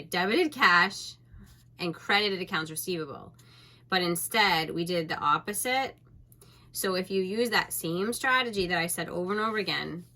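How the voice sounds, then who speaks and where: A woman's voice: medium pitch, sharp tone. A woman teacher recording a lesson, explaining step by step in a patient, conversational way and talking straight to her students.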